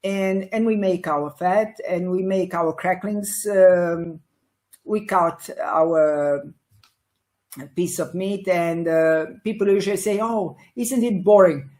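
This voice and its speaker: A woman in her sixties from Italy, speaking as an as an interview guest, animated and laughing often, with many fillers and restarts. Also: lowish voice, slow. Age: 60s. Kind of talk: casual interview conversation.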